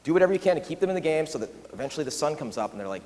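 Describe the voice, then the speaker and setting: A man giving a conference talk in a quick, animated way, often acting out quoted asides. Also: a little high, a little hiss or hum. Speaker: conference speaker. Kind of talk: keynote talk. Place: large conference hall. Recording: long reverb of a large hall.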